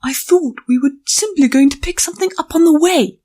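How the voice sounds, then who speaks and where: A woman's voice: high voice, fairly quick, a little mellow, pitched above the performer's own voice, natural voice. A woman voicing a prim, irritable scholarly unicorn pony who scolds her friend in an audiobook. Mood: exasperated. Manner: clipped, exasperated, scolding. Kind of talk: audiobook character voice.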